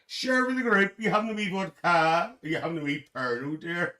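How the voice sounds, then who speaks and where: Speaking fairly quickly in a high-pitched, sharp voice with lively intonation, a man stays in character as a gossipy older auntie for his live stream chat. He laughs often and calls everyone dear, though the mic is distant.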